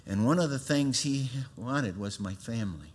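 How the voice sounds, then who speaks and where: A man's voice: mid-range voice, animated, normal speed. Folksy man preaching his testimony. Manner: folksy storytelling, swings from loud to hushed. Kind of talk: sermon testimony.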